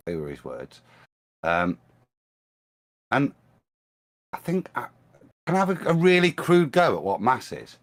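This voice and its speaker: A man's voice: low voice, sing-song, moderate pace, long pauses. A man on a live stream, chatting casually in a hesitant, self-mocking way with frequent restarts. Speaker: guest on a livestream. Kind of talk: casual chat, telling an anecdote.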